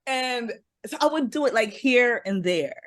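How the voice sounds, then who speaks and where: Dry-sounding woman telling animated stories. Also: on the high side, a little slow, no echo. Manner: animated storytelling, acts out others' lines. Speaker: podcast guest. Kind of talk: casual chat.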